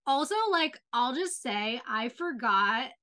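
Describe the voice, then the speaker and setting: A woman co-hosting a podcast, casually recapping a TV episode and retelling scenes with animated, cussing commentary. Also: on the high side, slow. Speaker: podcast co-host.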